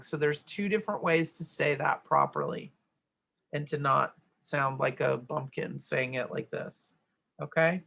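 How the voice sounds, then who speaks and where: A woman's voice: low-pitched, measured pace, gravelly, a bit bright. A middle-aged woman teaching a grammar worksheet lesson, explaining step by step and checking in with "right?".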